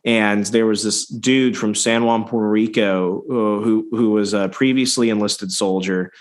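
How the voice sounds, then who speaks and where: A man's voice: on the low side, fairly even intonation, measured pace. A man hosting a podcast, telling stories in a loose, profane, casual chat with many restarts. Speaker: podcast host.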